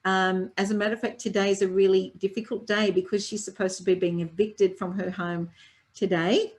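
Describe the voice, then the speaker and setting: Older woman, Reiki teacher, interview guest, lively storyteller, mid-pitched voice. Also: brisk. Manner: lively storyteller who acts out quoted dialogue.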